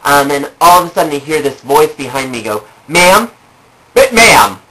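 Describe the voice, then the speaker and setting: A woman's voice: extremely low pitch, quick pace, fairly bright tone, rough recording. A young adult woman telling funny personal stories in a rambling way, with many fillers and repeated phrases. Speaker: vlogger. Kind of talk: comedic personal storytelling.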